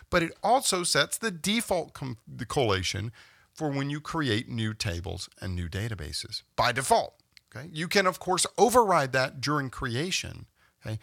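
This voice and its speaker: Bright-voiced man teaching a software lesson. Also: mid-range voice, vocal fry, no echo, studio quality. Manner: explains step by step, often checks in with "okay?". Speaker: instructor. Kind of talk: screen-recorded software tutorial.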